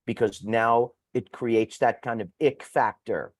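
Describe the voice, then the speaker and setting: A man speaking as a guest sales coach who talks fast, bluntly and with some swearing. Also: mid-range voice, fairly even intonation. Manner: fast-talking, blunt and profane.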